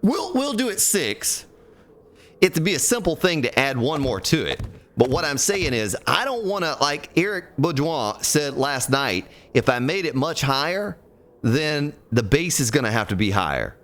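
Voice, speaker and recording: A man's voice: on the high side, big pitch swings, normal speed, a bit bright. Guy streaming a game, folksy rambling chat, voice swings up and down a lot. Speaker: gaming streamer. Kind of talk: casual let's-play commentary.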